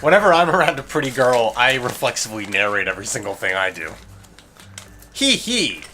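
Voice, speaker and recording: A man's voice: mid-range voice, quick pace, sharp tone, faint music behind. A young man hosting a casual let's play, joking and laughing as he goes. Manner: joking, laughs often, reads game lines aloud. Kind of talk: casual gaming commentary.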